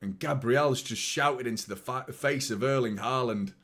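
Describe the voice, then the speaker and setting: Excitable, swearing football fan. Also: male voice, medium pitch, normal speed. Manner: swearing, excitable, rambling with repeated words. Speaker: football watchalong host. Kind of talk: live match watchalong commentary.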